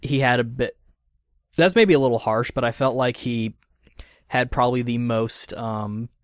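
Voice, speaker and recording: A man's voice: mid-range voice, normal speed, smooth, no room sound, clean studio sound. A man hosting a casual podcast discussion, thoughtful and hedging, with many fillers and restarts. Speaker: podcast host.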